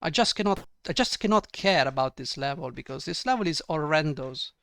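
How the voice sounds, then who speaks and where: Exasperated gravelly man ranting over gameplay. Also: fairly high pitch, lively intonation, fairly quick, a bit bright, dry recording, studio quality. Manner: exasperated, sarcastic, swears often. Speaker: let's play gamer.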